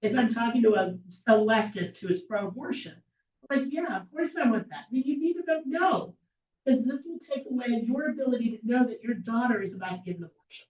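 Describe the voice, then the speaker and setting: A woman's voice: on the high side, lively intonation, a little fast, a little mellow. Emphatic woman presenting in an echoey hall. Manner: emphatic, rhetorical questions. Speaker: speaker at a political meeting. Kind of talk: persuasive presentation. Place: meeting hall. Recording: echoey room from far off, dull lo-fi.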